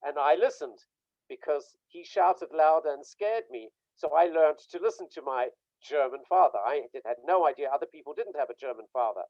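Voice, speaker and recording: A man with a fairly high voice gives an informal online workshop talk and leans into his stories with emphatic delivery. He acts out the people he quotes. The call audio is dull and lo-fi, with a dry, close sound. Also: expressive, moderate pace, creaky, dry recording. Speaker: workshop speaker on burnout.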